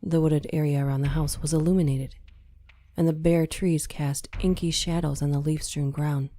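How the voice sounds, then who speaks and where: A woman narrating a horror story in a measured, dramatic storytelling manner. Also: deep voice, steady tone, dark tone. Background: faint music.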